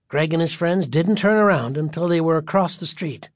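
Male storybook narrator, slightly high voice, dry close sound. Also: normal speed, hardly any pauses, no room sound.

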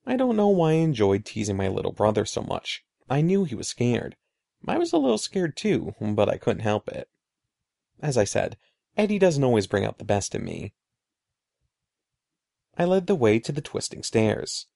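A male narrator reads a spooky children's story with expressive, suspenseful delivery. His voice is mellow with a gravelly texture, and his pitch moves freely across phrases. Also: normal speed, no room sound, studio quality. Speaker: audiobook narrator.

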